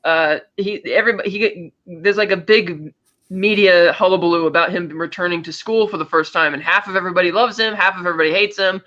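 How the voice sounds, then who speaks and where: High, bright-voiced man recapping a film. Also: fast, dull audio. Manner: rambling animated retelling with acted quotes. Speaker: podcast co-host. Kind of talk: casual chat, film recap.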